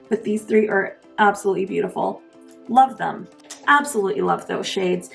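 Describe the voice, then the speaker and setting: Gushing young woman with vocal fry. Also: medium pitch, normal speed, faint music behind. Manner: gushing and enthusiastic. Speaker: beauty vlogger. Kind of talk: casual makeup review.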